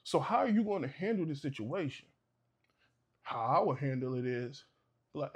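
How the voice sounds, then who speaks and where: A man's voice: mid-range voice, lively intonation, moderate pace, pauses often, breathy edge, muffled recording. A man, talking casually to camera and giving advice, sometimes acting out short exchanges. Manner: conversational, preachy, acts out little exchanges. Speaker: vlogger.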